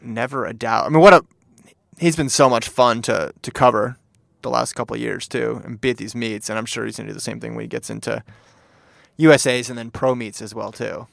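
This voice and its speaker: A man's voice: medium pitch, fairly even intonation, brisk, gravelly, a bit bright, no echo, clean studio sound. A man hosting a casual sports chat, enthusiastic and laughing as he tells anecdotes.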